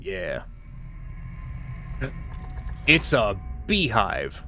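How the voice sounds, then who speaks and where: A young man streaming a puzzle game, telling a rambling story with casual swearing and deadpan punchlines. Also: mid-range voice, moderate pace, faint music behind. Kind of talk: casual live-stream chat while playing.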